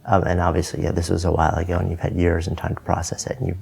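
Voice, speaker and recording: A man hosting a podcast interview, starting his questions haltingly before getting to the point. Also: sits low, monotone, vocal fry, darkish tone, a little hiss or hum. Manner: hesitant, restarts questions before asking. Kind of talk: conversational interview.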